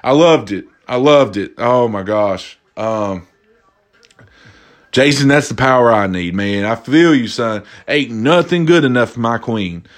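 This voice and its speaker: A young man casually telling stories to his audience, animated and profane, acting out the voices of the people he quotes. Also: medium pitch, measured pace. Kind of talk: casual storytelling monologue.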